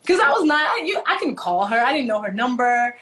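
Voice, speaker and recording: A woman from Nigeria, animated and laughing often as she tells stories in a conversational interview. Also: on the high side, brisk. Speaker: author and guest.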